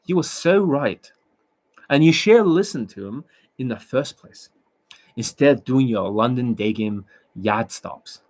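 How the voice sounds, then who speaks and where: A man's voice: medium pitch, lively intonation, measured pace, a little mellow. A man who is a dating coach, talking in a rambling, boastful and profane monologue.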